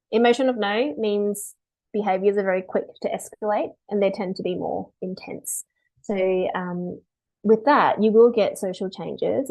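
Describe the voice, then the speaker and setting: A woman dog behaviourist talking through a webinar, lively and chatty, acting out owners in quick quotes. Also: mid-range voice, rough recording. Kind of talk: webinar talk.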